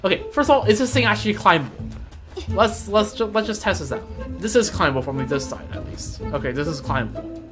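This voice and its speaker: A young adult streamer giving casual, excitable commentary while playing a game, blurting reactions and talking to themselves. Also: mid-range voice, fairly quick, music in the background. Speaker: gameplay streamer.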